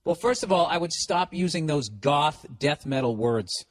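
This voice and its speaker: A man's voice: fairly high pitch, very animated, moderate pace. A middle-aged man with a Boston accent, hosting a podcast and riffing through listener letters. His talk is profane, sarcastic and blunt, and he delivers it as a comedic rant.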